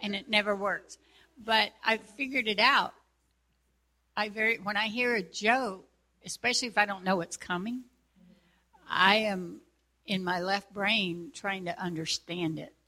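A woman's voice: medium pitch, fairly even intonation, a little slow, bright, forceful tone. A woman chatting casually and thinking aloud. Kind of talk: casual chat.

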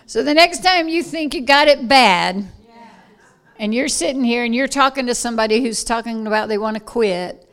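A woman preaching an informal sermon to a room of listeners, acting out scenes with sudden loud bursts. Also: a little high, moderate pace, clean tone.

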